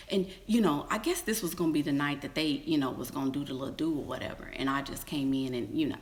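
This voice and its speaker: Woman vlogger, lower pitch, chatty storyteller who acts out quotes in squeals and whispers. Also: fast, hardly any pauses. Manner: chatty, addresses viewers as y'all and girl. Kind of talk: casual storytelling to viewers.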